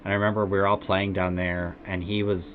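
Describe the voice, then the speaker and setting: A man's voice: sits low, level tone, fast, slight background noise. An American man streaming, telling a rambling casual story full of "like" and "uh" fillers. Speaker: game streamer. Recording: tinny phone-like sound with faint music behind.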